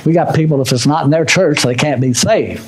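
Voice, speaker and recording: A man preaching a sermon as pastor, moving between loud, high exhortation and low, quiet asides. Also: brisk, slight background noise, poor audio. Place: church sanctuary.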